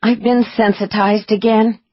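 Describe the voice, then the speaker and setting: A woman voicing a guarded young woman psychic who speaks quietly and earnestly. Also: mid-range voice, level tone, unhurried, slightly rough, no room sound, lo-fi sound, voice pushed up.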